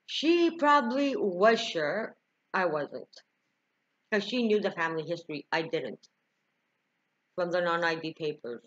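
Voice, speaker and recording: Woman vlogger, low voice, emotional storytelling, dull lo-fi sound. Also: lively intonation, measured pace, long pauses. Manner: emotional, tearful at times, frequent laughs and sighs. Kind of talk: personal storytelling to camera.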